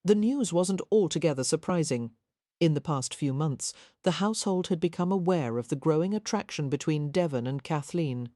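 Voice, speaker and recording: A woman reads a historical romance audiobook in an even, measured way. Her voice is low and mellow, and the recording is close and dry with no room sound. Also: no echo. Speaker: audiobook narrator. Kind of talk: scripted narration.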